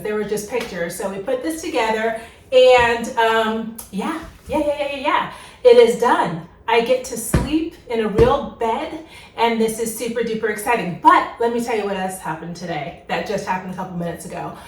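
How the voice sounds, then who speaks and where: A middle-aged woman chatting excitedly in a casual home makeover vlog, recorded indoors at her home. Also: fairly high pitch, echoey room.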